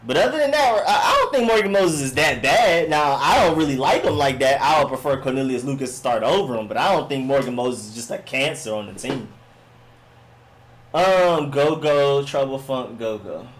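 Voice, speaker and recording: A man's voice: medium pitch, animated, normal speed, a little hiss or hum. A man hosting a casual sports live stream, rambling in a slangy, laid-back way as he reads and answers viewer comments. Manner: laid-back, rambling, slangy, often says "you know what I'm saying".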